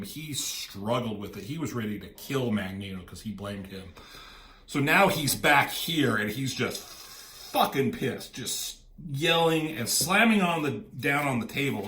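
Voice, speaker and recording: Man, comic reviewer, rambling animated recap, mid pitch, roomy echo. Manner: rambling, animated retelling with quoted character lines.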